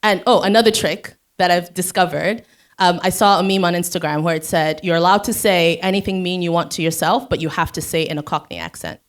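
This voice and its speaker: A woman's voice: lowish voice, lively intonation, brisk. A woman speaking as a guest on a live panel, chatty and self-mocking, laughing often.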